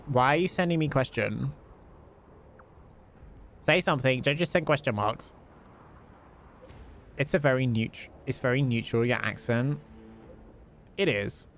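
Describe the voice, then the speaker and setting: Chatty gravelly male game streamer. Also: medium pitch, a little slow, pauses often, slight background noise. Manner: chatty, lots of fillers and laughs. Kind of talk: live-stream casual chat.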